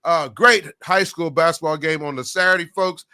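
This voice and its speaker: Animated high-voiced man talking hoops. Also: normal speed, smooth. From Oklahoma, US. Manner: animated, rambling, calls co-host Coach. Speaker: podcast host. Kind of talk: casual sports talk.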